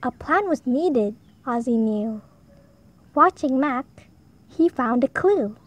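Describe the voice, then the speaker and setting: Slow, high-voiced woman reading a rhyming storybook. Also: expressive. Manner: slow, sing-song rhyming read-aloud. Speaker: storybook reader. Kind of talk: reading a rhyming picture book aloud. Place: home.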